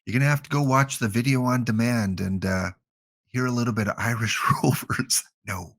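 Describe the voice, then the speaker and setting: A man's voice: medium pitch, normal speed. A man with a Canadian accent hosting a gaming livestream, chatting casually with jokey, rambling asides.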